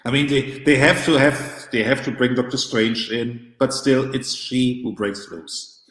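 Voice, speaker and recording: A man's voice: mid-range voice, measured pace, a bit bright. Emphatic man in an echoey room. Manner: emphatic, repeats points. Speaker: podcast co-host. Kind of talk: casual comics discussion.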